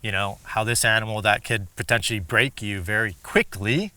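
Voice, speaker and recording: A man's voice: lowish voice, normal speed, sharp tone, clear, resonant tone, dry recording. A man hosting a casual interview, thoughtful and hesitant as he works through his points. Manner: thoughtful, hesitant, many fillers and restarts. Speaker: podcast host.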